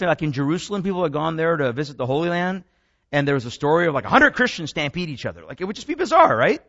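A man's voice: on the high side, a bit bright, no room sound, lo-fi sound. A man giving a rambling talk to an audience, often restarting words and breaking off into asides. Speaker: speaker. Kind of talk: lecture.

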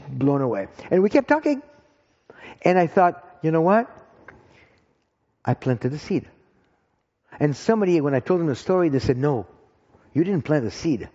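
Man, husky voice, animated church storyteller, lo-fi hall recording. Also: fairly high pitch. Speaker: guest ministry speaker. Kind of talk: testimony and prayer in church. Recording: dull echoey hall sound.

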